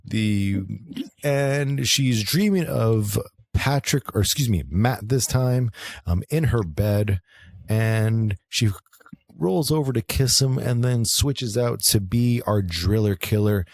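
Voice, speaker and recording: A man's voice: mid-range voice, takes it slowly, dry recording, studio quality. A man co-hosting a podcast, recapping a horror film in casual chat, swearing freely and laughing often. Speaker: podcast co-host. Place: moved to Southern California.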